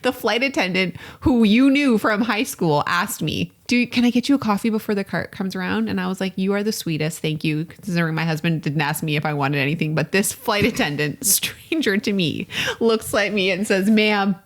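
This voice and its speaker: A woman's voice: medium pitch, a little fast, hardly any pauses. A woman in her thirties co-hosting a podcast, chatting casually, laughing often and swearing freely. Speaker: podcast co-host. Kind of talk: casual chat.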